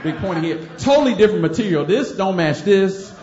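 A man from Detroit, a comedian in his forties, telling a story on stage with lively, laughing delivery. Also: high-pitched, brisk. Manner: animated, laughing, acts out voices. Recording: echoey stage sound, dull lo-fi.

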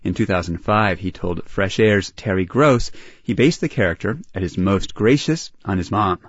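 A man reading a news bulletin in a crisp, even newsreader manner. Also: low-pitched, moderate pace, no room sound, dull audio. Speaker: newscaster.

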